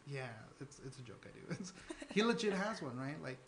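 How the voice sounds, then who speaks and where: A man's voice: a little high, lively intonation, fairly quick. A young man from Texas, a stand-up comedian, talking loosely in a casual interview with lots of fillers and laughs. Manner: loose and chatty, filler-heavy, laughs between lines.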